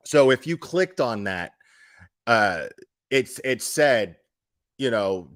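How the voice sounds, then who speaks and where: A man's voice: fairly low pitch, a bit bright, dry recording, studio quality. A man hosting a casual true crime livestream, rambling, swearing and sarcastic as he reads and answers chat.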